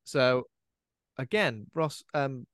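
A man's voice: medium pitch, slow pace, a bit bright, no room sound, clean studio sound. A man co-hosting a podcast, talking about a film in a laid-back, casual way, often trailing off or asking questions. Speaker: podcast co-host. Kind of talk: casual chat recapping a film.

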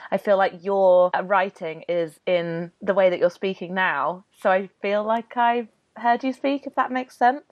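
A woman's voice: medium pitch, a little slow, hardly any pauses, muffled recording. Upbeat young British woman hosting. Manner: enthusiastic, gushing, upbeat. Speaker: podcast host. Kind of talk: casual chat.

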